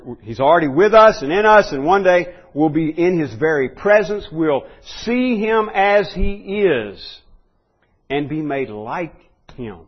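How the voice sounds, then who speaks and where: A man teaching a conversational sermon, trailing off into soft asides and stumbling over repeated words, then pushing up to loud emphatic peaks. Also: mid-range voice, husky, highs cut off. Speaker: preacher teaching a Bible study.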